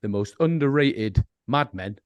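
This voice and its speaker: Welsh man, podcast chat, lively swinging pitch, dry close sound, laughing and sweary. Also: unhurried, clean tone, dry recording. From Wales. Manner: animated, laughing, sweary storytelling. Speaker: podcast guest or co-host.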